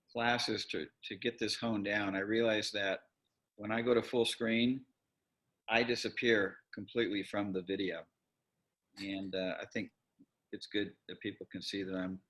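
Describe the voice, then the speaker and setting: Man, low voice, Bible teacher, casual online lesson, conversational and rambling, video call. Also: a bit bright. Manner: conversational, rambling with self-corrections.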